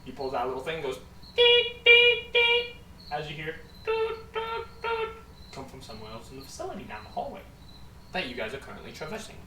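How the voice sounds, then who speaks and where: A man narrating as game master of a tabletop game, animated, swearing and mocking himself. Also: medium pitch, very fast. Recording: echoey room, far from mic, background noise.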